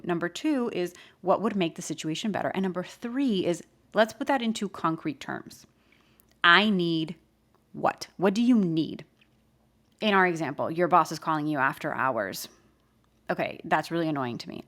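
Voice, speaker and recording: Animated woman podcast host. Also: lowish voice. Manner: animated, emphatic, laughs often. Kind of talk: casual advice talk.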